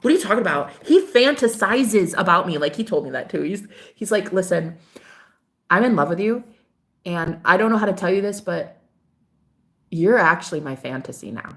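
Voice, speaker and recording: A woman's voice: medium pitch, moderate pace. A young woman vlogging casually about her spiritual life, laughing and swearing as she talks. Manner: animated, swearing, laughing often. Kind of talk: casual monologue to camera.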